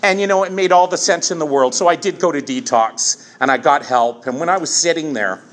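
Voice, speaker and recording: A man in his fifties telling his own recovery story from the front of a meeting room, candid and halting, often restarting and repeating phrases. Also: on the high side, fairly bright tone. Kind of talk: personal testimony at a recovery meeting.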